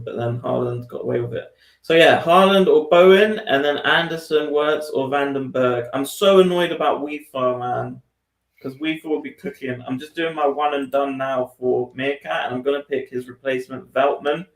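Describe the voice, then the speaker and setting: A man co-hosting a casual fantasy football podcast, musing aloud, laughing often and trailing off. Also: mid-range voice. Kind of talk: casual chat. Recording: echoey room.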